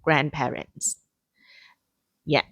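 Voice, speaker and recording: A woman from Thailand with a Thai accent, a native Thai speaker, co-hosting a casual podcast chat in a soft, halting way as she searches for words. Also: dry recording. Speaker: podcast co-host.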